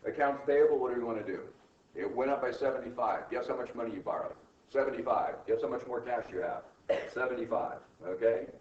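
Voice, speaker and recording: A man lecturing an accounting class, brisk and coaching, firing rhetorical questions at his students. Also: medium pitch, a little mellow, slight background noise. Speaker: accounting instructor. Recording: echoey classroom, distant mic, dull and lo-fi.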